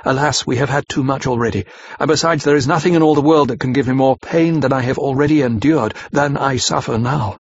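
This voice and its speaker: A man voicing a brave, sorrowful young woman who speaks with quiet, earnest resolve. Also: medium pitch, brisk, breathy edge, dry recording. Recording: slightly dull lo-fi recording.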